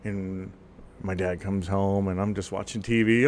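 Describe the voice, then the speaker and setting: Male podcast guest, 30s, low voice, rambling animated storyteller, faint hiss behind. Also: normal speed. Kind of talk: casual storytelling.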